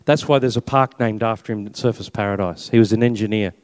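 An Australian Catholic priest and army chaplain in his fifties talks fast in a lowish voice, giving a chatty personal testimony with slides and self-mocking humour. The hall recording has a long reverb.

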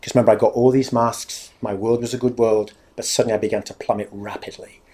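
A man's voice: lowish voice, flat delivery, quick pace, mellow. A man giving a candid, confessional spoken testimony about his own life, speaking earnestly and acting out remembered dialogue.

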